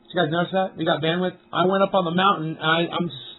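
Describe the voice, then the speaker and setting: A man rambles through a casual live stream from outdoors on a mountain, cursing freely and calling out to his viewers. His voice sits high for a man. The audio is thin and tinny, as if sent over a phone line. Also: little pitch movement, quick pace. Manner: rambling, profane, talks to chat viewers. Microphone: cell phone.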